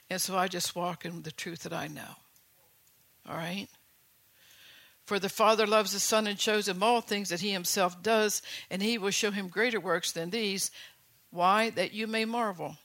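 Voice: medium pitch, fairly bright tone, no echo. A preacher giving a sermon who reads Bible verses aloud, then explains them with personal testimony and keeps checking in with listeners. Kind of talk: sermon with scripture reading.

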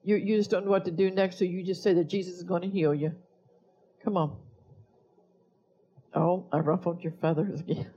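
Blunt preacher with a mellow voice. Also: mid-range voice, steady tone, moderate pace, long pauses, muffled recording. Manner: forceful and blunt, scolding the congregation. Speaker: pastor. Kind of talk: sermon.

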